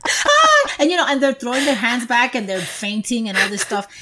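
A woman co-hosting a casual talk show, an expressive storyteller who talks in an animated way. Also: fairly high pitch, fast talker, a little hiss or hum. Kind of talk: casual conversation.

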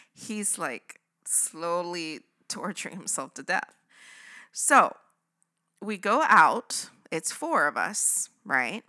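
Casual woman podcast host, lively swinging delivery, bright dry sound. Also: fairly low pitch. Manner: animated, chatty, keeps checking in with "right?" and "okay?". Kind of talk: casual storytelling.

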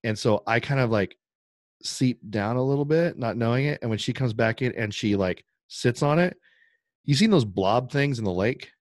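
A man's voice: mid-range voice, normal speed, no room sound, studio quality. A man on a podcast telling a long, rambling story in casual chat, acting out the other people's lines as he goes. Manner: rambling, animated anecdote with quoted dialogue. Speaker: podcast co-host.

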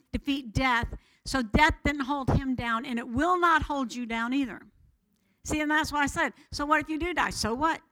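Bright high-voiced woman preaching. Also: poor audio. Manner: animated preaching with lively vocal shifts. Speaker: pastor. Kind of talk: sermon.

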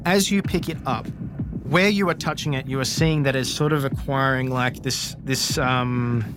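A man running a tabletop game, narrating in a measured, descriptive way. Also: mid-range voice, music in the background. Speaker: game master.

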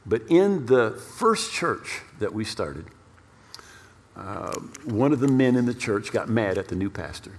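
A male pastor preaching a storytelling sermon in an animated way, repeating words for emphasis. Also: lowish voice, a little slow. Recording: long reverb of a large hall.

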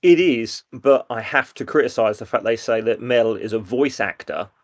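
A man's voice: medium pitch, normal speed. A man co-hosting a podcast, chatting casually and acting out quoted lines. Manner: relaxed, acts out quoted lines with voices. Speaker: podcast co-host. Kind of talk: casual chat about a sitcom episode.

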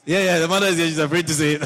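A middle-aged man from Ghana with a Ghanaian accent, a bishop preaching a sermon built on a personal story, animated, laughing often and breaking into shouts. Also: on the high side. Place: church hall. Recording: church hall reverb, faint music.

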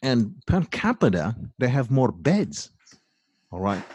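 A man's voice: medium pitch, very animated, slow pace, a little mellow, no room sound, heavily acted. A man putting on a crude, boastful aging male film star, rambling through profane rants. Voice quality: gravelly, husky. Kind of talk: comedic impression in a podcast chat.

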